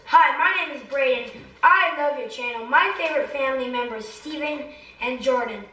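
High-voiced woman reading fan mail. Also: normal speed, pushed and bright. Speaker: family channel host. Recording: roomy home echo.

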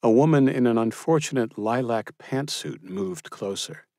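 A man reading literary fiction as an audiobook narrator in a measured, expressive manner. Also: mid-range voice, no room sound, clean studio sound.

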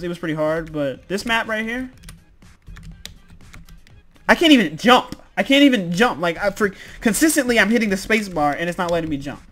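A man's voice: sits high, a bit bright. A man hosting a let's-play video, commenting in an exasperated, exclaiming, self-mocking way. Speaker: gaming video host.

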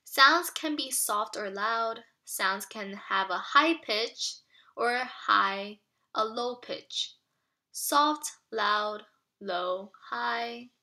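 Give me a woman teacher with a bright, slightly high voice, patiently explaining words in a children's read-aloud lesson. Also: very slow.

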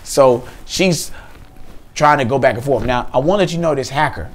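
A man with a medium-pitched voice speaks at normal speed while hosting a podcast. He's telling a comic story and acting out both sides of a phone call.

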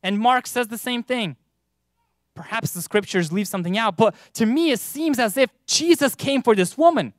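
A man preaching a sermon in church, earnest, with emphatic rises and slow stressed words. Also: very high-pitched, animated, no room sound, studio quality.

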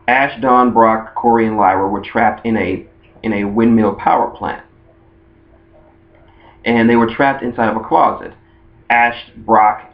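A man talking casually about a cartoon ship in a rambling way, often restarting his sentences. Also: medium pitch. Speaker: anime fan video host. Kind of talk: casual fan monologue. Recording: dull lo-fi recording.

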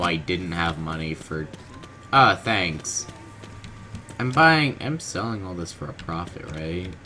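A man giving casual gameplay commentary, low-key and monotone, groggy from just waking up, in his bedroom. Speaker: gaming video host. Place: hot bedroom with a fan. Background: fan and keyboard noise.

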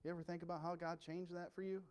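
A male pastor preaching a sermon with impassioned swings from quiet storytelling to loud emphasis. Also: sits high, little pitch movement, quick pace, clean tone.

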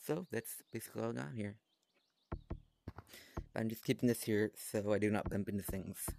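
A man's voice: on the low side, moderate pace, vocal fry, background noise. Man rambling over a VR game. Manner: rambling, offhand, self-mocking. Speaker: gaming vlogger. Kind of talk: casual gameplay commentary. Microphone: VR headset microphone.

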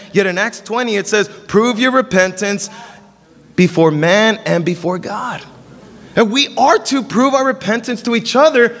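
A young man preaching a sermon, telling stories and acting out the dialogue with lively energy. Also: sits high. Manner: animated storytelling, acting out dialogue. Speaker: pastor. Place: church service in a hall. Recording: long reverb of a hall.

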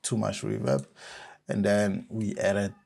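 A man from South Africa, a music producer, giving a relaxed step-by-step software tutorial on making a track. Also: fairly low pitch, slow pace, vocal fry.

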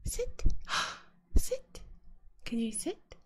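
A woman voicing a doting trainer talking to her pet dog in low, breathy baby-talk whispers, as whispered role-play. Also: very slow. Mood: coaxing.

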